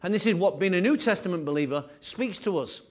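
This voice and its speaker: A man preaching a sermon with emphatic, repetitive phrasing, his voice rising and falling in loudness. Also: sits high, animated, fast. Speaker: pastor.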